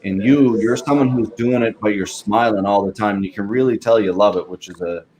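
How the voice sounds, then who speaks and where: A man hosting a casual interview podcast, upbeat and encouraging, talking quickly. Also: fairly low pitch, darkish tone. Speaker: podcast host.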